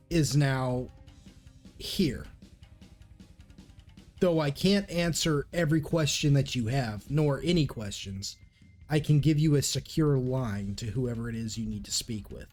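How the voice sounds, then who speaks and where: A man voicing a mysterious male divine being who speaks in a calm, cryptic, measured way. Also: medium pitch.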